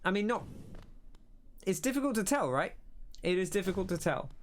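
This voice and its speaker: Speaking at normal speed, a young let's play host has a voice that sits high with big swings in pitch. He offers casual commentary while he plays, rambling and musing aloud and breaking off mid-thought as he reasons about what he sees.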